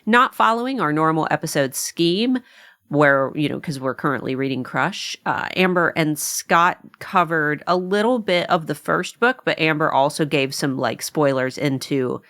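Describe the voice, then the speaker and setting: Woman, slightly low voice, animated rambling podcast host. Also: moderate pace. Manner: rambling, animated, many fillers and laughs. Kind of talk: casual chat.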